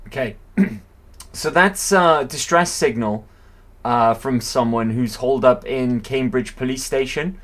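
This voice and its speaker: A man's voice: medium pitch, a little slow. Chatty, self-correcting male game streamer. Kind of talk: casual let's-play commentary.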